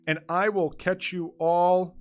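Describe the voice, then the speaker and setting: A young gaming YouTuber with a high-pitched voice tells a casual story over gameplay. He's animated and laughs a lot, swinging between rapid bursts and drawn-out delivery.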